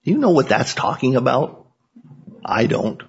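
A man's voice: mid-range voice, big pitch swings, moderate pace, creaky, slightly rough. A middle-aged man teaching a Sunday school lesson in a folksy, joking way. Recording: dull lo-fi recording.

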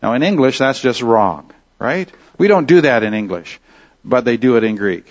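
A man's voice: mid-range voice, animated, moderate pace, highs cut off. A man teaching a Bible lesson in an explanatory way, often correcting himself and asking the class questions.

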